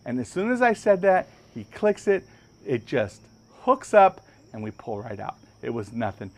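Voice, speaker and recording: A man hosting a podcast, telling a story with lots of energy and jumping up high when he acts out other people's lines. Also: sing-song, normal speed. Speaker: podcast host. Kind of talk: animated storytelling. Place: podcast studio.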